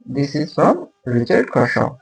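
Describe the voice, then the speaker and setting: A man giving an unscripted literature lecture, speaking haltingly with many fillers and restarts. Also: mid-range voice, very animated, vocal fry. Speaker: literature teacher. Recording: echoey room, distant mic, faint music.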